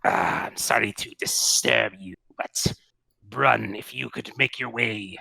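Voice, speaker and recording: A man's voice: lowish voice, takes it slowly, creaky, pushed and bright, no echo, full character voice. A man voicing a slithery male snake-person who is chief of security.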